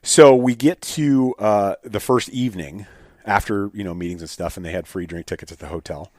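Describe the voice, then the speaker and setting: Animated storytelling man, dry close mic. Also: fairly low pitch, moderate pace, no echo. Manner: animated, lots of fillers and restarts. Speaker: podcast guest, state game bird biologist. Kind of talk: casual storytelling in an interview.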